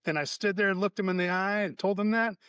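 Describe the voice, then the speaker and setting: Man, podcast guest, profane storytelling, slightly high voice, dry close sound. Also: fast talker, clear, resonant tone, no echo. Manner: profane, animated storyteller, acts out quarrels. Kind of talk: casual storytelling interview. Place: Florida.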